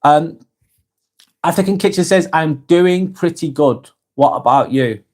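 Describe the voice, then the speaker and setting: This Lancashire man from England, in his forties, has a voice on the high side with a darkish tone, and he talks a little slowly. He's hosting a casual live vlog, reading viewer comments aloud in a chatty, friendly way while often restarting and correcting himself.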